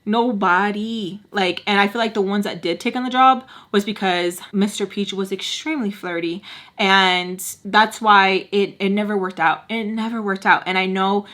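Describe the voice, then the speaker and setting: A woman in her twenties telling a casual storytime, animated and slangy, acting out every quote. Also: medium pitch, moderate pace. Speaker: vlogger.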